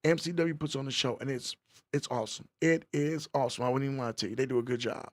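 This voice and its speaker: A man's voice: medium pitch, fairly even intonation, fast talker, a crowd in the background, noisy background. A man hosting a casual livestream podcast, playfully teasing and reading chat comments aloud. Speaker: podcast host.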